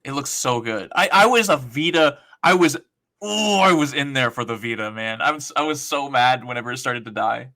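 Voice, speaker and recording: A man's voice: mid-range voice, normal speed, pushed and bright. A man chatting as a guest on a gaming podcast, enthusiastic and telling stories in a chatty way. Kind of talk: casual podcast chat.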